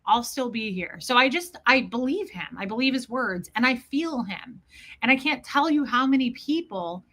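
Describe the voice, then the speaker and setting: Bright-voiced woman live-streaming. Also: sits high, expressive, normal speed. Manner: personal, earnest storytelling, greets viewers by name. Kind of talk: casual live-stream chat.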